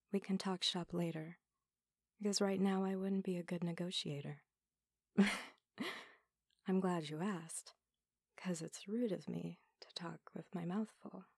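Woman playing a flirty female android, whispered role-play, breathy, low voice, slow and unhurried. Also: dark tone, dry recording, studio quality, heavily acted. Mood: seductive. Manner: teasing, playful, slow and intimate. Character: flirtatious teasing female android, new to feelings.

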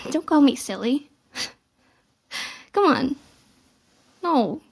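Giggly, teasing young woman, high fry. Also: animated, extremely slow, a little mellow. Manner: playfully bratty and coy. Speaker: audio role-play performer. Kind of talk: intimate audio role-play.

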